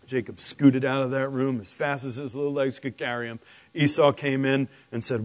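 A man preaching a sermon, telling the story in an animated, conversational way with asides to the listeners. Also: medium pitch, moderate pace.

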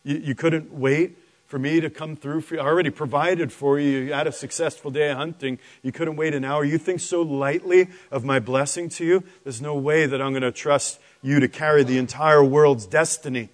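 A man's voice: a little high, steady tone, moderate pace, natural voice. A stern rebuking God, voiced by a man.

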